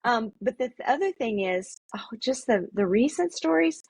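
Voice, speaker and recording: A middle-aged mother, interviewed as a guest, tells stories in a casual, earnest way, halting and restarting often. Her slightly high voice is animated and a little mellow, with vocal fry and a breathy edge, and there is no room sound.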